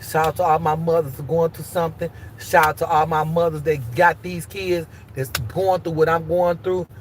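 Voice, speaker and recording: A woman's voice: deep voice, fairly even intonation, moderate pace, a little hiss or hum. A woman hosting a casual live stream, talking emphatically and with plenty of swearing, moving between heated outbursts and tender encouragement.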